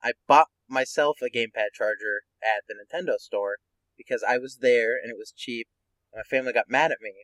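A man's voice: mid-range voice, fairly quick, fairly bright tone, no room sound, rough recording. Guy on a podcast getting worked up telling a funny story, dry mic. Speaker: podcast co-host. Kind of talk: casual podcast chat.

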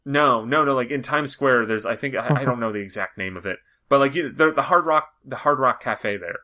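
Rambling podcast host man, bright voice. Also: mid-range voice. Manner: rambling, fast, full of "like" fillers. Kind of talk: casual chat.

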